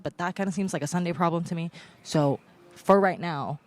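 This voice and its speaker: A young woman hosting her podcast, talking casually in a hushed, half-whispered way from inside a library on a new microphone. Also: on the low side, fairly quick. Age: young adult. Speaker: podcast host. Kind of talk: casual chat. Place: public library, indoors.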